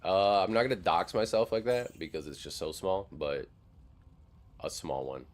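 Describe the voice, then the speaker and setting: In a deep voice at a moderate pace, a young man from the Madison area of Wisconsin chats with viewers while he streams a game. His talk is rambling and profane, packed with "like."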